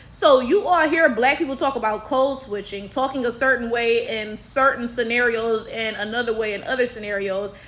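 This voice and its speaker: Animated high-voiced Detroit woman. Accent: Detroit African American English. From Detroit, USA. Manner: emphatic, animated, rhetorical asides. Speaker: commentary vlogger. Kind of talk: casual reaction commentary.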